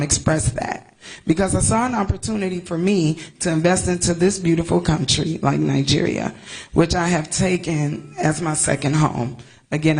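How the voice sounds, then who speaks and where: Woman from the US, tearful halting statement, creaky edge. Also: sits low, darkish tone, poor audio. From United States. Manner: tearful, halting, stumbles over words. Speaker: investor speaking at a press conference. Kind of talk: emotional prepared statement.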